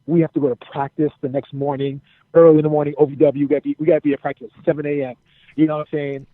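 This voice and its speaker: A former wrestler, a man, telling profane, animated stories as an interview guest and repeating his phrases as he goes. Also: a little high, rapid-fire, no room sound. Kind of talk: casual storytelling. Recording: dry, phone-like narrow sound.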